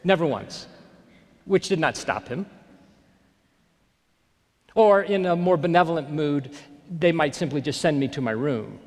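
A male pastor delivers a sermon in a reflective, personal way, letting his voice sink to a near-hush on the words he wants to land. His voice sits a little high for a man. A long reverb trails each phrase, as in a large church sanctuary. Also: animated, a little slow, long pauses.

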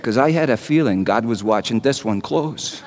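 An actor playing a young carpenter in a dramatic stage monologue, talking in a conversational way with wry asides and stammered repeats. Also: male voice, medium pitch, expressive, moderate pace, natural voice. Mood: reflective. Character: Joseph the carpenter, young man, wry and anguished. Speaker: actor in a one-man monologue. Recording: long hall reverb.

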